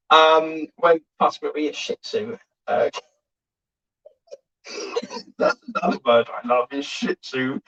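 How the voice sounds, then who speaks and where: A man's voice: fairly high pitch, fairly bright tone, muffled recording. A man hosting a model-building livestream, chatting in a rambling way and reading out viewer comments. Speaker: model-kit livestream host. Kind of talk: rambling casual livestream chat.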